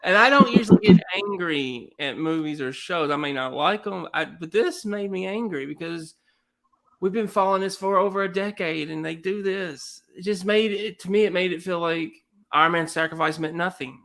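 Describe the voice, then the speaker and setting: A man co-hosting a podcast, ranting in an animated, emphatic way. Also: sits high, normal speed, vocal fry. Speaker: podcast co-host. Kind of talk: casual chat.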